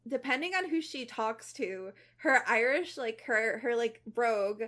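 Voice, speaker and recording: A woman's voice: fairly high pitch, animated, a little slow, fairly bright tone. A young woman from the New York area chatting casually as a podcast co-host, with plenty of fillers. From New York area, USA. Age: young adult. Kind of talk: casual chat.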